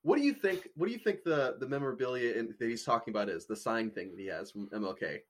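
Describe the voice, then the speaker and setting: A man co-hosting a podcast in loose, casual chat. He tells stories in an animated way, breaks into laughter and keeps a mid-range pitch. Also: fast. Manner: animated, laughing storyteller reading out quotes. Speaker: podcast co-host.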